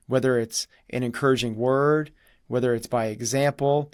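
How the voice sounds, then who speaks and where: A man's voice: medium pitch, steady tone, brisk, no room sound, clean studio sound. A man telling a story in conversation, acting out quoted dialogue as he goes. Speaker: guest.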